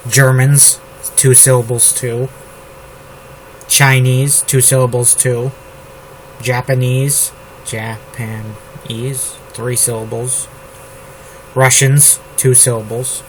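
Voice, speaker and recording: Man from the US, novelist thinking aloud, unhurried and even-toned, keyboard typing clearly audible underneath. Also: mid-range voice, slight background noise, low-quality recording. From United States. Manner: repeats words and phrases as he types them. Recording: loud keyboard typing over the voice.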